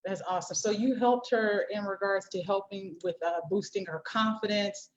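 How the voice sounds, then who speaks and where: A woman's voice: mid-range voice, steady tone, moderate pace. A woman hosting a casual interview, enthusiastic and affirming, with lots of agreement. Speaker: host. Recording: dull lo-fi audio.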